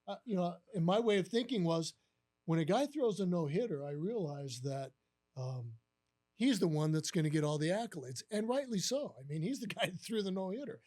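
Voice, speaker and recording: A man's voice: sits high, brisk. A man in his sixties, a guest on a live podcast, telling a long story and acting out the other voices with lots of "you know" and "uh". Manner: animated storyteller who acts out quoted voices with many fillers. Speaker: guest, former baseball catcher.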